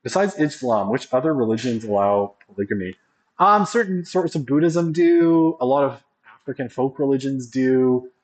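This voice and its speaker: A man's voice: mid-range voice, lively intonation, normal speed, low-quality recording. A man giving a sociology lecture in a chatty, rambling way, full of fillers and joking asides. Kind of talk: classroom lecture.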